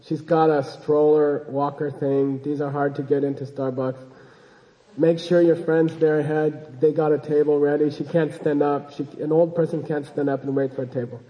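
A man's voice: on the high side, little pitch movement, normal speed, big-room sound, lo-fi sound. A man giving an informal dharma talk as a Buddhist teacher, rambling and joking and often checking in with his listeners.

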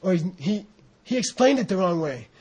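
An American man giving an informal Buddhist teaching, rambling and animated, often laughing and saying "you know". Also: high-pitched, moderate pace, slightly rough. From United States. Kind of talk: informal dharma talk.

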